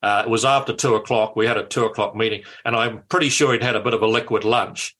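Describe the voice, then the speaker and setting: An older man with a New Zealand accent, a former politician, telling anecdotes in animated, casual conversation with frequent restarts. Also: lowish voice, fast. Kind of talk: casual chat.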